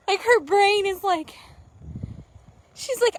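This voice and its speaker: A woman's voice: extremely high pitch, expressive, very slow, long pauses, poor audio. A woman riding a horse outdoors, chatting casually and playfully putting silly thoughts into the animals' mouths. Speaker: horse trainer riding and narrating. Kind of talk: casual chat while riding. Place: outdoor horse barn or arena.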